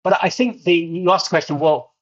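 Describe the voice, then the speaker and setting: Fast-talking London man telling stories. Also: fairly high pitch. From England. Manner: animated storyteller, often repeats words. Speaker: guest. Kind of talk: storytelling interview. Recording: muffled lo-fi audio.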